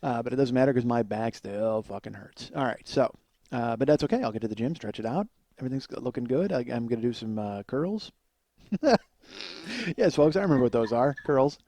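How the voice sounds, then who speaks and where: A man's voice: medium pitch, lively intonation, brisk, dark tone. A man in his forties hosting a comedy podcast, telling self-deprecating stories in a rambling way full of fillers. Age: 40s. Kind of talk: casual comedic storytelling monologue.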